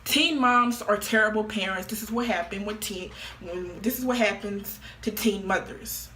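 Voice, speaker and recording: A woman's voice: mid-range voice, normal speed, sharp tone, a little hiss or hum. A woman in her late teens talking casually to camera, blunt and offhand. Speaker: vlogger.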